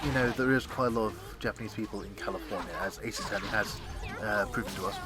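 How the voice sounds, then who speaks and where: A man's voice: lowish voice, quick pace. A man co-hosting a let's-play stream, trading absurd jokes and questions. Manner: jokey, absurd banter. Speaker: co-host of a gaming stream. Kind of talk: casual let's-play commentary.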